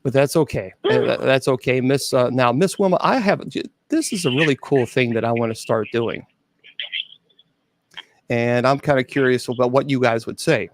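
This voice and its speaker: A man's voice: mid-range voice, normal speed, no room sound. A man hosting a casual, comedic chat show, joking around and often stammering and restarting his sentences. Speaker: show host.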